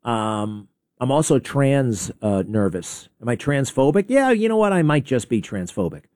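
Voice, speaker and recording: A man's voice: medium pitch, very animated, normal speed, a little mellow, no room sound, studio quality. A man hosting a talk show, rambling through a sarcastic opinionated monologue with many asides and restarts. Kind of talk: opinionated monologue playing clips.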